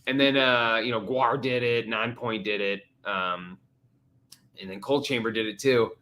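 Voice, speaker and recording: A man's voice: mid-range voice, measured pace. A man hosting a casual live stream, joking around and slipping into silly voices. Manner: jokey, animated, slips into silly voices. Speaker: livestream host.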